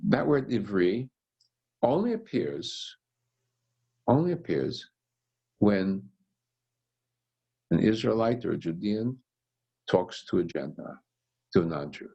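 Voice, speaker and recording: Rabbi guy teaching, gravelly husky voice, really lively up and down. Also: fairly low pitch, slow, long pauses, highs cut off. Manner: animated storyteller, acts out the characters' lines. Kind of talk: text study lesson.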